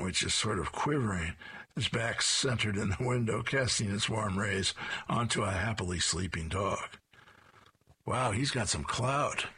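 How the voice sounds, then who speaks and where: A man with a strongly raspy, husky voice that sits fairly low yet has a forceful, bright edge. He reads newspaper comic strips aloud panel by panel, dropping in amused little asides between them. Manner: descriptive, with chuckled asides.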